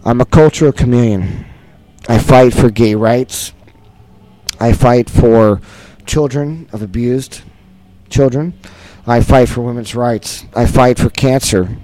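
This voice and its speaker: A man's voice: medium pitch, slow pace, dark tone, dry recording. A middle-aged man, a concert producer, talking earnestly and repetitively in a festival interview.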